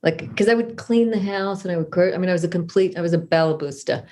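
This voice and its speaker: Chatty and self-deprecating, a middle-aged author from Southern California starts over many times as she tells stories in a casual interview as a guest. She talks fast in a slightly mellow voice that's on the low side.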